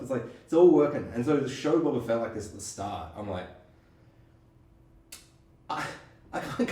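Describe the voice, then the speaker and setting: A man co-hosting a podcast, chatting casually and acting out scenes with quick impressions. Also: mid-range voice, recorded from a distance. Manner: animated, acts out scenes in quick impressions, swears. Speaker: podcast co-host. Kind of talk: casual chat. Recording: echoey room, off-mic.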